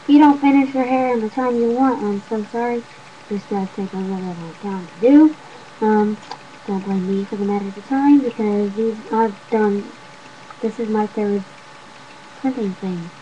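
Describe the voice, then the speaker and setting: A young woman vlogs from home, rambling casually to her webcam and addressing viewers as "y'all." Her mid-range voice is mellow and moves at normal speed, captured in dull lo-fi webcam audio with faint noise.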